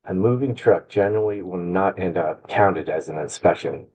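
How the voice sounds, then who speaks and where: Low, dark-voiced man presenting slides. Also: breathy edge, low-quality recording. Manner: halting, with restarts and fillers. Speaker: agency staff presenter. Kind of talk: slide presentation at a public meeting. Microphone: computer mic on a video call.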